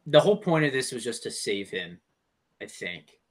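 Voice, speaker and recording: A man's voice: mid-range voice, big pitch swings, moderate pace. A young man in a casual chat, thinking aloud, often stopping and restarting his sentences. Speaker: co-host.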